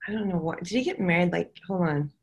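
Chatty excitable woman medium. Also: lowish voice, fast talker, lo-fi sound. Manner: excitable, chatty, relays messages with laughs. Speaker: psychic medium. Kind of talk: casual chat.

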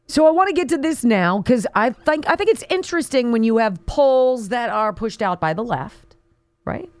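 Talk radio host, woman, higher voice, animated and indignant, dry close mic. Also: no room sound. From Pennsylvania, US. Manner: indignant, fiery, sarcastic. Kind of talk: political talk radio monologue.

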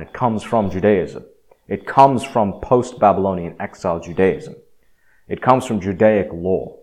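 A man giving a casual, rambling talk on faith, often restarting his sentences and swinging from quiet to emphatic. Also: sits low. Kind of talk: casual religious monologue.

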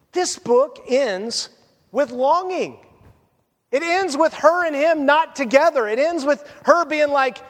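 Man, pastor, animated conversational sermon, long hall reverb. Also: very high-pitched, takes it slowly.

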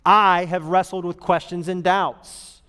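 Earnest youth pastor in a reverberant hall. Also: male voice, high-pitched, flat delivery, unhurried, clean tone. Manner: conversational, earnest, swings between loud emphasis and hushed tones. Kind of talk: sermon to youth group.

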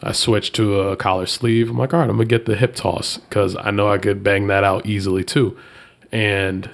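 Gravelly-voiced man telling a story. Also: normal speed. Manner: animated, jumps high when quoting people. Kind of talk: casual storytelling chat.

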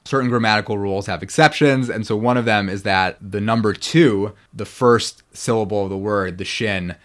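Guy with a lowish voice walking through hebrew grammar, keeps saying right?, podcast chat. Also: moderate pace. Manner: teacherly, checks in with frequent "right?"; precise about Hebrew pronunciation. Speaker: podcast guest, Bible scholar. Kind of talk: explanatory podcast conversation.

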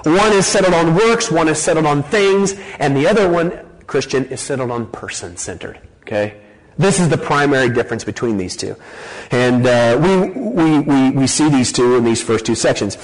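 A male pastor giving a sermon in an animated, conversational way. His voice climbs high for emphasis and drops low for asides, and he keeps checking in with rhetorical questions and small jokes. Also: moderate pace, rough recording. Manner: animated, rising emphasis with frequent rhetorical okays and light joking.

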